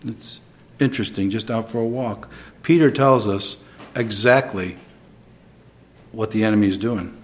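A man preaching a sermon, moving between quiet reflection and emphatic, rising delivery. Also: lowish voice, measured pace, pauses often. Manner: dynamic, swings between soft and emphatic.

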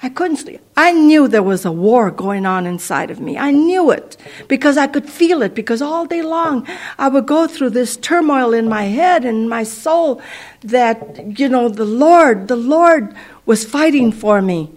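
A woman giving a personal testimony to a congregation, telling it as a lively, conversational story. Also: high-pitched, a little slow. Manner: animated, conversational storytelling with sound effects.

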